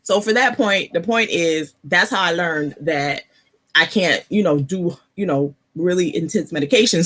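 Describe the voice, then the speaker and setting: A woman hosting a casual live-stream chat, talking softly because of an ear infection, laughing and chatty, sitting close to her computer mic. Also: sits low. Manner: chatty, laughing asides, many fillers. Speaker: host.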